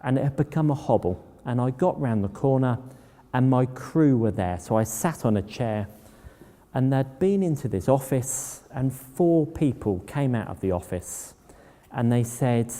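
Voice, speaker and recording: A man's voice: medium pitch, lively intonation, measured pace, mellow. A man giving a talk, telling personal stories in a plain, anecdotal way. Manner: anecdotal, plain-spoken storyteller. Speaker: public speaker. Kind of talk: storytelling talk. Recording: long hall reverb.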